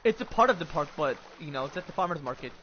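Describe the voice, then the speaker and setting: A man hosting a game livestream, chatting loudly and excitably with friends on a voice call, full of slang. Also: on the high side, fast, lo-fi sound, background noise. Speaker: gaming livestream host. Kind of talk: casual chat with friends on a voice call.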